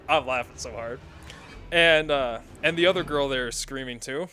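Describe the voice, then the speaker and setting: A man's voice: medium pitch, normal speed, bright, forceful tone, slight background noise. A young man streaming a game, telling a rambling story with frequent laughter and casual swearing.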